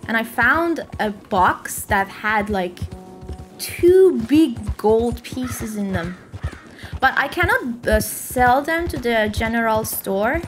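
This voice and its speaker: A woman from Iran giving casual, excitable commentary while playing a video game, swearing and exclaiming often. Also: fairly high pitch, takes it slowly, faint music behind. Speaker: let's play streamer.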